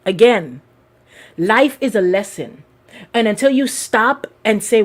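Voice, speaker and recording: A woman with a bright, high-pitched voice preaches at a live service. She weaves personal stories into her message in a lively, animated way. She keeps restarting her phrases and calls out to people in the pews. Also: fast. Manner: animated, repetitive restarts, addresses congregation directly. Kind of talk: live sermon with personal storytelling.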